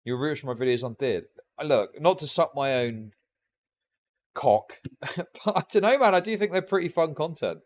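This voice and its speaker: A man's voice: on the high side, animated, normal speed. A young man streaming live reaction commentary, profane and mocking with sarcastic asides.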